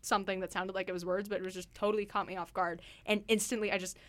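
A woman's voice: medium pitch, little pitch movement, fast. A woman co-hosting a casual studio chat, rambling through stories with frequent laughs. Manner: giggly, rambling storyteller. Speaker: radio co-host. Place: radio studio.

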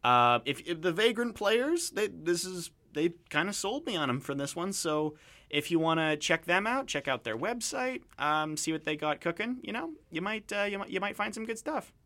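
Lively, bright-voiced male radio host. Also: high-pitched, normal speed. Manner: playful, jokey asides. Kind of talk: casual radio chat.

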